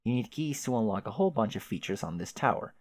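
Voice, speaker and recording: A man putting on a smug narrator voice that talks down to the listener, calm and sarcastic, raised a little above his usual pitch. The recording is dry and close. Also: quick pace, no room sound. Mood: condescending. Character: smug, condescending male narrator voice in a head.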